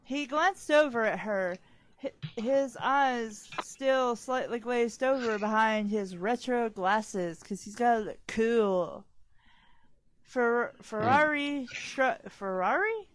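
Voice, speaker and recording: A woman's voice: on the high side, takes it slowly, no echo. A woman reading fanfiction aloud on a casual podcast, stumbling over names and breaking off for sarcastic remarks.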